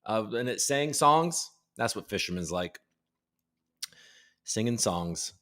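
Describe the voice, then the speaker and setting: Guy hosting a live crypto show, bright punchy voice, jokey and rambly, trips over his own sentences. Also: fairly low pitch, expressive, slow. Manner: rambling, jokey, self-interrupting, swears. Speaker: host of a daily crypto news livestream. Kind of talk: casual live-stream chat. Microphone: desk microphone.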